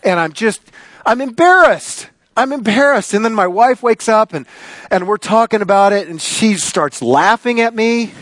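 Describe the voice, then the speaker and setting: Middle-aged man, pastor, high voice, dry close sound, animated sermon delivery. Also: normal speed, no room sound. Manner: animated storyteller, gets loud and excited. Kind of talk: sermon with a personal story.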